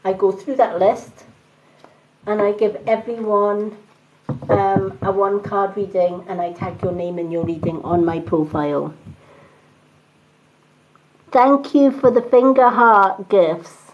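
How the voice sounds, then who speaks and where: A tarot card reader with a Scottish accent touched by other British influences gives chatty live-stream card readings and thanks her viewers. Her voice is mid-range, and she speaks slowly with frequent pauses. The recording sounds dull and lo-fi, with faint noise.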